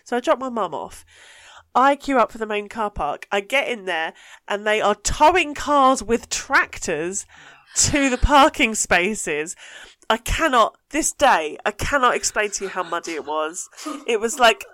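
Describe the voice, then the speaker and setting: A young woman with a bright, forceful voice tells a story on her podcast. She is animated and swears freely as she chats. The sound is close and dry, with no room around it. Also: medium pitch, a little slow, no room sound. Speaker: podcast host. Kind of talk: casual storytelling chat.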